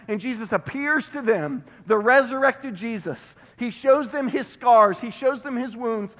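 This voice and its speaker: High-voiced pastor preaching in a reverberant hall. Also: male voice, a little slow, hardly any pauses. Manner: emphatic, repeats phrases, drops to a hush on key words. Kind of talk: sermon. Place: church sanctuary. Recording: long reverb of a church hall.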